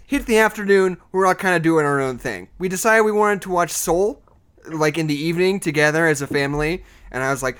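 A man's voice: a little high, a little fast, clear, resonant tone. A man hosting a casual film podcast, telling stories with joking exaggeration. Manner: animated, joking, tells stories with playful exaggeration. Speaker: podcast host. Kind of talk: casual chat.

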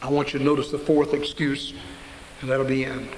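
A man preaching a sermon to an audience, emphatic and slowing down to stress key points. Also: mid-range voice, level tone, gravelly. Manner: emphatic, slows down for stress, breaks into acted quotes. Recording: echoey hall with faint hiss.

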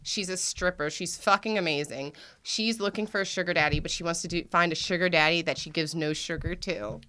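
A woman hosts a podcast in loose, casual chat, her voice bright and clear yet sitting a bit low. She tells candid stories with frequent laughter and acts out what others said. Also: fairly even intonation, fairly quick. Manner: candid, laughing storyteller acting out quotes. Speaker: podcast host.

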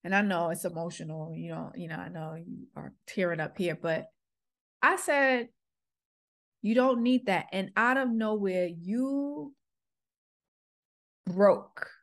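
A woman's voice: medium pitch, slow pace, pauses often. A middle-aged woman, a former school principal, earnestly telling a personal story and acting out the quoted exchanges. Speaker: podcast host, former principal.

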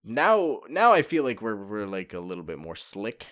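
A thirty-year-old man on a casual podcast with a lowish voice that still swings up and down a lot. He keeps things laid-back and answers with dry humor. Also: wildly swooping pitch, moderate pace, a bit bright. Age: 30s. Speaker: podcast co-host. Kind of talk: casual chat.

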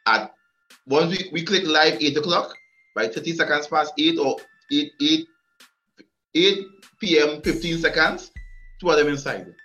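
A man's voice: on the high side, unhurried, pushed and bright, soft background music. A man hosting a live show, talking emphatically and repeating words as he builds his points. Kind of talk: casual chat. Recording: dull lo-fi audio.

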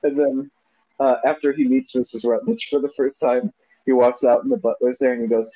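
A man chatting about a movie on a podcast, his voice rising and falling a lot as he laughs through his favorite lines. The tone is dark and a little husky, and the recording sounds dull and lo-fi. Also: medium pitch, a little fast. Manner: laughs often, animated, quotes lines from the film. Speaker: podcast co-host. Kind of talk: casual movie discussion.

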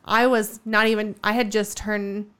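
Smooth-voiced young woman telling a story. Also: mid-range voice, little pitch movement, moderate pace, a bit bright. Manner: chatty storytelling with many fillers. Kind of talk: casual chat.

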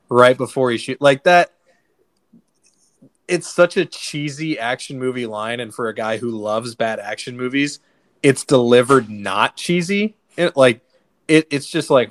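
A man's voice: medium pitch, moderate pace, dry recording. Casual man hosting a film chat. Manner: loose, filler-heavy, enthusiastic. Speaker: podcast host. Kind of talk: casual movie discussion.

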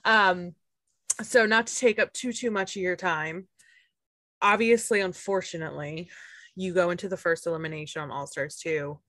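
A woman's voice: lowish voice, fairly even intonation, moderate pace, pushed and bright, dry recording. A woman hosting a podcast interview, enthusiastic and swearing casually. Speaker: podcast host.

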